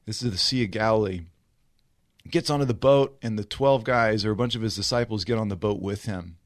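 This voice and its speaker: In a fairly low-pitched voice, this man preaches as a pastor, bringing the story to life by acting out scenes. He alternates between hurried stretches and slow, drawn-out ones.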